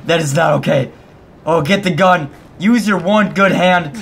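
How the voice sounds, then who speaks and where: A man's voice: fairly high pitch, a little slow, gravelly, a little hiss or hum. A young man hosting a let's play of a horror game, nervous and jumpy, swearing often and laughing between scares. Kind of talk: casual gaming commentary.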